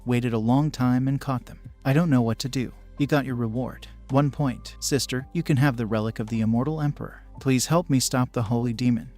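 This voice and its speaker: A man narrating a manhwa recap at a mid pitch, reading all the parts in one level voice. Soft music runs under him throughout.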